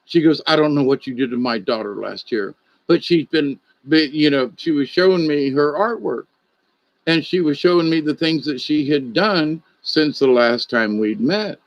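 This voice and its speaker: A man's voice: fairly high pitch, moderate pace, no room sound, dull audio. A man, a puppeteer and storyteller, telling an anecdote in a casual, rambling way, with many restarts and quoted dialogue.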